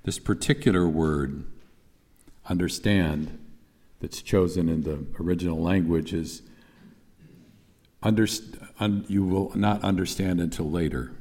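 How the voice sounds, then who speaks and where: A man's voice: low voice, a little slow, pauses often, a little mellow, in a large hall. A man preaching a sermon in a conversational way, at times reciting lines with emphasis. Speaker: pastor.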